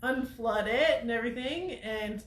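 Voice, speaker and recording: A woman's voice: fairly high pitch, measured pace, roomy sound. A woman hosting a weekly show, telling a story to viewers in a chatty way and laughing often. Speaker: host of a weekly off-road show.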